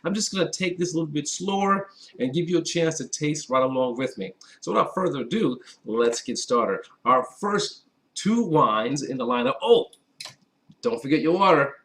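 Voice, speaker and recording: A man hosting a casual on-camera wine tasting, talking to viewers directly in a chatty, upbeat way. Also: mid-range voice. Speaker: wine reviewer.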